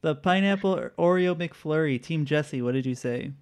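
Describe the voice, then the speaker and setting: A man's voice: fairly high pitch, moderate pace, clear, resonant tone. A man hosting a casual quiz game with friends, reading out answers in a laid-back way and laughing often. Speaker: quiz host. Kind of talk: casual group game chat.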